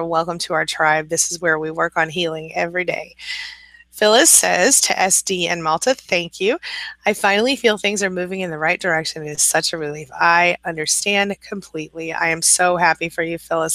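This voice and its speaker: A woman's voice: fairly low pitch, pushed and bright, no room sound. A woman coaching on a live stream, reading viewer comments aloud and answering them encouragingly, now and then scolding her kitten.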